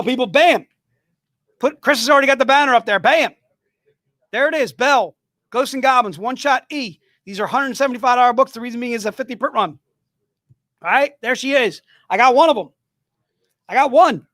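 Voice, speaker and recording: A man hosting a live comic sales stream, joking and hyping items in rapid-fire salesman banter from an indoor studio room. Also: extremely high pitch, fairly bright tone, no echo. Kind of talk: casual live-stream selling.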